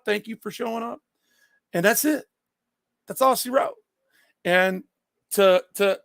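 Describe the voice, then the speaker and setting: A man's voice: high-pitched, vocal fry, a bit bright, dry recording. A man livestreaming and talking straight back to his chat, blunt and confrontational, swearing freely.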